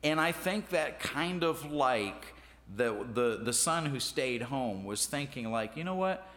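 A man's voice: mid-range voice, expressive, slow, fairly bright tone, in a large hall. A man preaching a sermon in a folksy, self-deprecating way, often restarting his words. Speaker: pastor.

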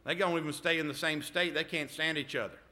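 Bright-voiced preacher man. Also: fairly high pitch, fairly even intonation, fast talker. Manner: emphatic call-and-response, repeated "amen?". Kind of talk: sermon.

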